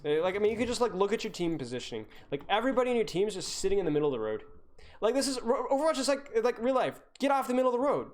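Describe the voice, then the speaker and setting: A young woman breaks down a player's match on stream, ranting one moment and cheering good plays the next. Her pitch swings widely as she repeats lines to hammer them home. She sits at a mid-range pitch for a woman. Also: very animated, racing, a little mellow. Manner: ranting, exasperated, repeats points for emphasis. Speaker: game coach and streamer. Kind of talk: live-streamed gameplay review.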